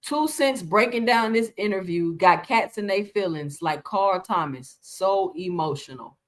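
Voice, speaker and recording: A woman's voice: mid-range voice, expressive, unhurried. A woman hosting casual boxing reaction commentary, talking animatedly and piling up rhetorical questions.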